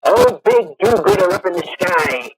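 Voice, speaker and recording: A man's voice: extremely high pitch, wildly swooping pitch, normal speed, gravelly, pitched above the performer's own voice, full character voice, rough recording. A man putting on the voice of a pompous male exorcist professor, delivering a mock-solemn invocation on an old radio broadcast.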